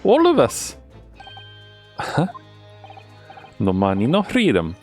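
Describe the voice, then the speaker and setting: A man voicing an excitable, shady male witness in a game, with a put-on foreign accent and a sing-song, pleading way of talking. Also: medium pitch, slow, soft background music, pitched above the performer's own voice. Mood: indignant. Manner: theatrical, sing-song, pleading with 'eh?' tags.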